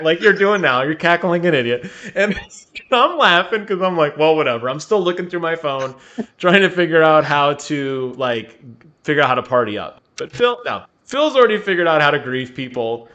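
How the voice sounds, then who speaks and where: Laughing man spinning an animated story. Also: fairly high pitch. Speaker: podcast co-host. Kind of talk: casual chat.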